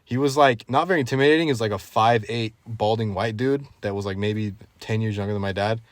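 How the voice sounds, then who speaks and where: A young man hosting a casual podcast, telling a story in an animated way and laughing often. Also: fairly low pitch, brisk, dry recording. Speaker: podcast host. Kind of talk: casual chat.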